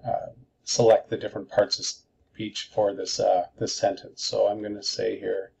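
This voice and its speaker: A man's voice: fairly low pitch, flat delivery, moderate pace, gravelly, darkish tone, slightly rough, rough recording. A male teacher giving a screencast tutorial, explaining methodically step by step.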